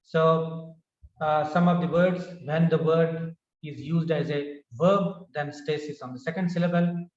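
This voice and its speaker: Slow Indian-accented man teaching pronunciation. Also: a little high, steady tone, a little mellow. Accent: Indian English. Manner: slow, repeats each word twice, many "uh" fillers. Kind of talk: classroom pronunciation lesson. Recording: dull, roomy recording from a distance.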